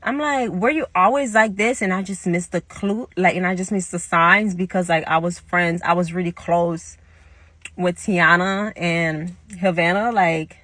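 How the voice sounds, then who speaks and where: A young woman tells a story in a casual monologue. She talks in an animated way, acts out the quoted lines and swears now and then. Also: fairly low pitch, a little slow, dry recording. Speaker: vlogger telling a story.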